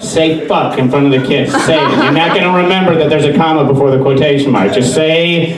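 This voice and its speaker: A man performing a stand-up comedy set, telling stories and acting out voices in quick bursts. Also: a little high. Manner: animated storytelling with acted-out voices. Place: brewery. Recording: roomy bar from a distance, crowd laughter.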